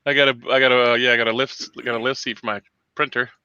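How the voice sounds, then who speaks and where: A man hosting a morning livestream, swearing through angry, shouting tirades. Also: mid-range voice, flat delivery, racing, smooth, lo-fi sound. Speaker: host. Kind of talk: profane morning livestream rant.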